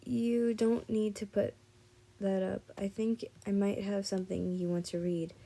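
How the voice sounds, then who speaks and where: A tired woman reading a young man's lines in a fan fiction story, slowly and with frequent restarts. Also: mid-range voice, little pitch movement, creaky, dark tone. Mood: earnest.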